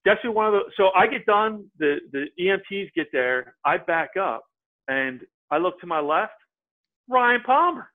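A man, a podcast guest, telling a story in a casual, animated way and acting out what people said. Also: high-pitched, normal speed. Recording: tinny phone-like line.

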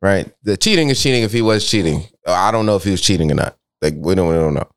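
A young man talking casually as a podcast co-host, his voice sitting low but swinging widely in pitch. He rambles, restarts and jumps up high when something surprises him. The tone stays smooth and clear. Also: animated, quick pace. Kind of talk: casual chat.

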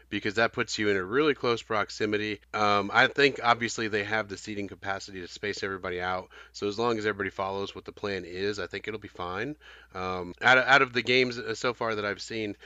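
Bright, smooth-voiced man on a podcast. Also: on the low side, dry recording. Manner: thoughtful, hedging with frequent fillers. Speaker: podcast co-host. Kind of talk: casual podcast discussion. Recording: dull lo-fi dry podcast audio.

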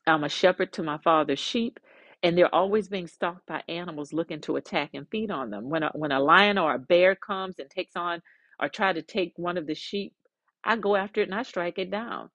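A woman's voice: lowish voice, normal speed, fairly bright tone, no echo. A woman voicing an earnest, bold young shepherd man as she retells a story.

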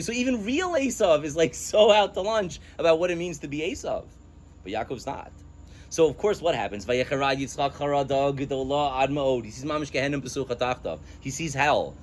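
Animated man teaching a text class. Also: medium pitch, fairly quick. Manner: emphatic, mixes in scriptural quotes, laughs. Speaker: religious studies teacher. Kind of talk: text-study lecture with a class.

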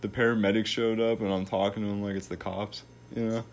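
A man's voice: lowish voice, little pitch movement, quick pace. A young man telling a long story in a casual, laid-back way, full of slang and swearing.

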